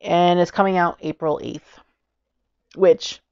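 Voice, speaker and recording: Canadian woman host, casual reviewer, chatty and exclamatory; lowish fry-heavy voice. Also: steady tone, slow pace, a little mellow, dry recording, lo-fi sound. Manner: chatty, exclamatory, stumbles over foreign names. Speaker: tarot channel host.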